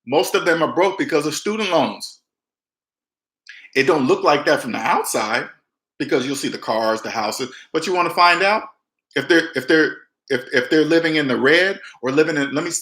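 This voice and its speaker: A man giving emphatic personal finance advice straight to camera, mimicking people with big jumps in pitch. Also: bright, forceful tone, roomy sound. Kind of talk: direct-to-camera advice talk.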